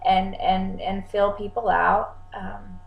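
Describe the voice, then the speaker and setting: A woman's voice: mid-range voice, flat delivery, slow, gravelly, echoey room, highs cut off. A woman who works as a psychic channeler gives casual advice to clients, talking freely, repeating words and acting out what clients say. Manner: chatty, repeats words, acts out clients' lines.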